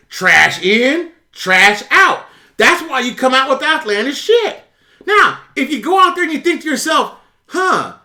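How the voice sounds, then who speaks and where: High, bright blunt man. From United States. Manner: blunt, profane, reads and answers chat. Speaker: YouTube currency commentator. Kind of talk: casual livestream rant.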